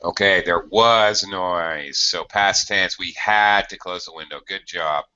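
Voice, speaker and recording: A man teaching an English grammar lesson, explaining slowly and patiently with frequent fillers. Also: low voice, sharp tone, smooth. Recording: dull lo-fi audio.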